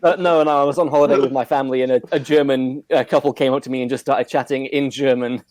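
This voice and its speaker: An easygoing man chatting casually on a podcast, self-deprecating and relaxed. His voice sits at a middle pitch. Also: quick pace, dry recording. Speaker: podcast co-host. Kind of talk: casual chat.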